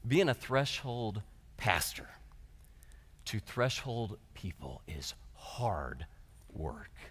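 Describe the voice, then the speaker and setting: A man preaching a sermon at a lectureship, animated and dropping humorous asides between scripture passages. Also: lowish voice, extremely slow, husky. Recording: long hall reverb.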